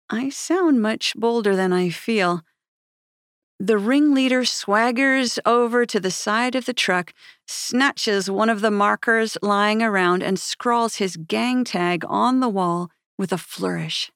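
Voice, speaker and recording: A woman narrating her own memoir in a measured, earnest storytelling manner. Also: medium pitch, gravelly, dry recording, studio quality.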